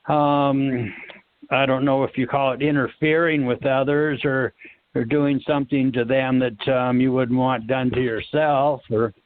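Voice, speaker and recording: A man hosting a call-in talk, speaking haltingly with many pauses. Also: medium pitch. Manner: halting, many ums and restarts. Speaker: host. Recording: tinny phone line.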